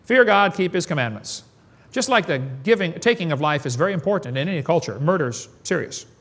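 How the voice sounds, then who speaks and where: A man's voice: a little high, lively intonation, a little fast, fairly bright tone. A man giving a preaching lecture to an audience in a folksy, emphatic way, firing off rhetorical questions and chuckling. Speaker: creationist seminar speaker.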